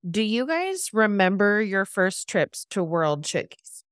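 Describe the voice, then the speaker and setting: Woman podcast host, calm and friendly, dry mic. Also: mid-range voice, measured pace, smooth, no room sound. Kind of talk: casual podcast chat.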